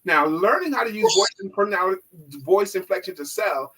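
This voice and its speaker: A man coaching on sales as a guest on a live online show, teaching in an instructive, emphatic way and at times dropping his voice slow and low to demonstrate. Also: huge pitch swings, a bit bright, poor audio.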